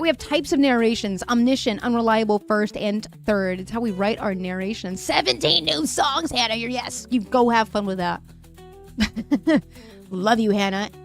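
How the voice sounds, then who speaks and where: A young woman hosting a live stream, chatting casually and reading viewer messages aloud with frequent laughs, her voice a little worn. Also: mid-range voice. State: voice a bit fried. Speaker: livestream host. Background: faint music.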